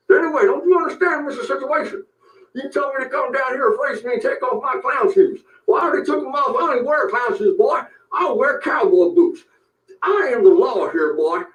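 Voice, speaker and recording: A man voicing a brash, crude self-styled cowboy sheriff in a comedic parody rant, boasting and making blustering threats. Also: very high-pitched. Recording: roomy, distant, dull lo-fi sound.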